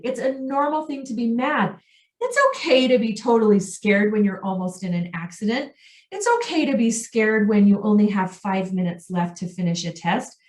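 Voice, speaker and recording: Woman trainer explaining, echoey room. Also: a little high. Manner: explains warmly, acts out quoted voices of kids and parents. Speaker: parenting trainer. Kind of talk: online training talk. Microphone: video call.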